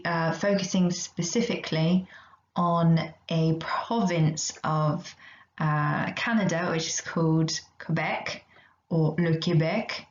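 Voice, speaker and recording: A woman teaching a recorded language lesson, speaking slowly and carefully and repeating each phrase for her students. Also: fairly low pitch, darkish tone. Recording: echoey, slightly dull recording.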